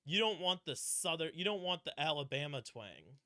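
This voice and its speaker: Bright, dry-sounding male podcast co-host. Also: a little high, lively intonation, normal speed, dry recording. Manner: rambling, swears casually, trails off. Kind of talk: casual podcast chat.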